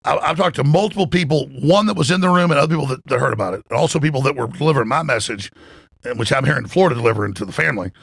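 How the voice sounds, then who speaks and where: A man talking as a podcast guest, animated and emphatic, swearing freely and acting out what others said. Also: medium pitch, very fast, no room sound, studio quality. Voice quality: gravelly, husky. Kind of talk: excited podcast talk. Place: in Florida.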